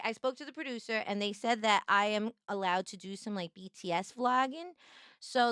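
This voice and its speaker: A young woman streaming casual chat, bubbly and playfully teasing, jumping up high to greet viewers. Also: fairly bright tone, clean tone, no echo, studio quality. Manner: bubbly, greets chatters with high-pitched squeals.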